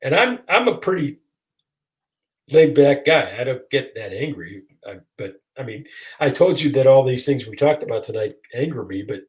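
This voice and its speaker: A man's voice: medium pitch, very animated, normal speed. A man in his sixties from Michigan, a guest attorney telling a story with self-deprecating humor over a video call. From Michigan, USA. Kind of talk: storytelling in a casual interview.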